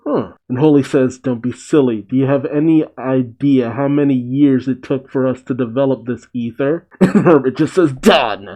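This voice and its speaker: A manga reaction host reads a manga chapter aloud, narrating its dialogue and breaking off for his own dry, wry comments. His mid-range, warm voice moves at a moderate pace with few pauses, and the highs are cut off.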